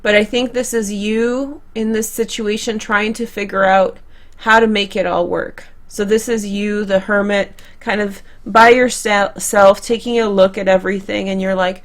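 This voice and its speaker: A woman's voice: mid-range voice, fairly even intonation, a little slow. Chatty woman giving a tarot reading. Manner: chatty, conversational, with restarts and self-corrections. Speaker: tarot reader. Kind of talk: tarot card reading to camera.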